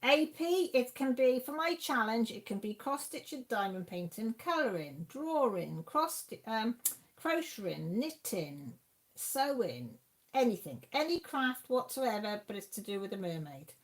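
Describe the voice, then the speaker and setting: Her voice is on the high side and sing-song, at a measured pace, as this craft channel host chats casually at home on a live stream. She reads comments, exclaims aloud, and speaks straight to the chat.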